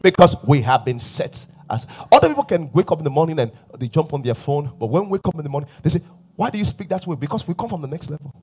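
A husky-voiced male pastor delivers an emphatic sermon. His pitch swings widely and sits a bit high for a man. He leans on repeated refrains and sometimes drops to a whisper, with faint music underneath. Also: big pitch swings, fast talker, darkish tone.

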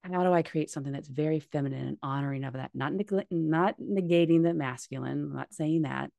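A woman's voice: deep voice, a little fast, vocal fry, mellow, no room sound. A woman talking as a podcast guest, candid and heartfelt, swearing casually. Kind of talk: candid conversational interview.

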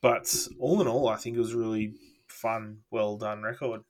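A man co-hosting a music podcast, talking in a relaxed, easygoing way. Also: lowish voice, normal speed. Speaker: podcast co-host. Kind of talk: casual chat.

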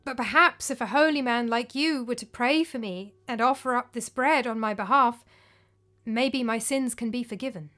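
A woman voicing a humble, sorrowful male bath attendant who is a ghost, speaking softly in a storybook reading. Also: a little high, moderate pace, faint music behind.

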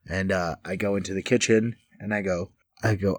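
Soft-spoken male player, dry sound. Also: low voice, fairly even intonation, moderate pace, no echo. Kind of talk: in-character role-play.

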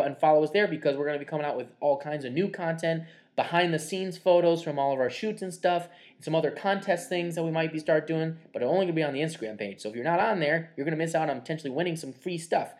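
A man hosting a casual podcast, talking with an upbeat energy. He rattles through a long list of announcements and plugs in a loose, chatty way. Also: on the high side. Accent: put-on Chicago accent in early part. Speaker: podcast host.

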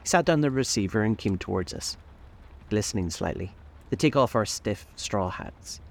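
Audiobook narrator: a man with a very deep voice, measured and deliberate. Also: lively intonation, gravelly. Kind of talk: scripted narration of a classic novel.

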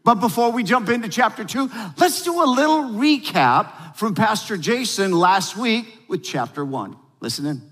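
A male pastor preaches with rising energy, leaning on repetition and calling the room to answer back. His voice sits high for a man. The sound rings with the long reverb of a large hall. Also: moderate pace, few pauses. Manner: energetic, emphatic preaching with call-and-response. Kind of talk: sermon.

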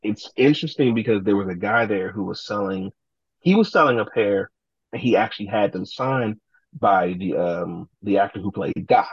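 A man, a podcast guest, telling animated stories in casual talk, acting out other people's lines and swearing freely. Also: lowish voice, moderate pace, husky, no room sound, highs cut off. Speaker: podcast guest, sneaker collector. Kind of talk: casual storytelling.

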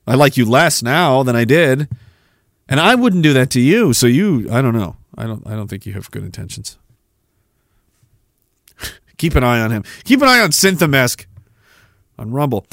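A man's voice: mid-range voice, big pitch swings, normal speed, fairly bright tone, no room sound, studio quality. A man hosting a podcast, ranting in a sarcastic, mocking way and laughing at his own jokes. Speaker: podcast host. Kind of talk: casual ranting commentary.

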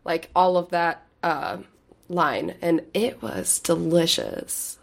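A woman's voice: lowish voice, slow, creaky. A woman in her thirties co-hosting a podcast, chatting casually and rambling with many fillers. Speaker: podcast co-host. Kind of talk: casual chat.

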